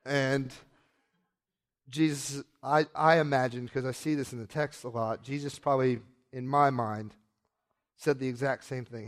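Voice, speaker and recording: A man's voice: medium pitch, fairly even intonation, a little slow. A man preaching a sermon, retelling a story and acting out the characters' lines in different voices.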